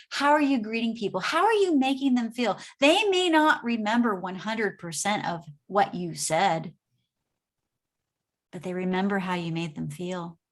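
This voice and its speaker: Woman presenter, mid-pitched voice, upbeat motivational talk from home, chatty with frequent "right?" check-ins. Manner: upbeat, conversational, asks the audience "right?". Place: home office.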